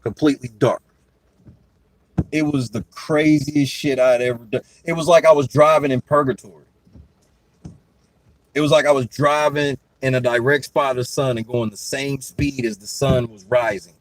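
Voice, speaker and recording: A young man and podcast host telling stories in a casual chat, profane and animated, often breaking into laughter. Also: mid-range voice, moderate pace, rough recording.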